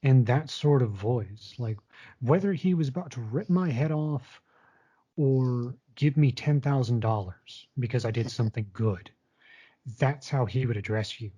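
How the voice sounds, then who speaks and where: A man telling his own story in a frank, blunt way, and he does not hold back his swearing. His voice is dark and mellow, and it sits in an even middle register. The recording is dull and lo-fi. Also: mid-range voice, measured pace, slightly rough. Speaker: storyteller recounting his retail job. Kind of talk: casual spoken personal story.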